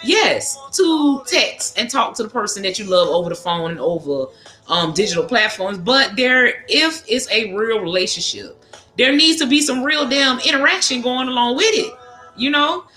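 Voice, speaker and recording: A woman's voice: a little high, expressive, normal speed, bright, forceful tone. Salty, laughing woman host in an echoey room. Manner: frank and salty, lots of cursing and laughter. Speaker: livestream host. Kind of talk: casual chat to viewers. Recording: echoey room with music behind.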